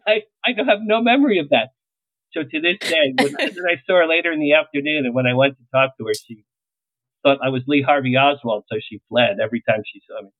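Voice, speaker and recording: A middle-aged man, a publicist, telling lively anecdotes in an interview and acting out the lines he quotes. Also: a little high, quick pace, no echo. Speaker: publicist guest. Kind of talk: storytelling interview. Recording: tinny phone-like line, dry.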